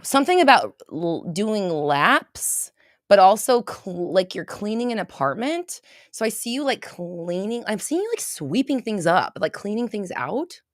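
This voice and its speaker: A woman hosting a casual livestream and doing intuitive readings for her chat, rambling, swearing freely and breaking into loud laughter. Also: medium pitch, big pitch swings, measured pace, dry recording, clean studio sound.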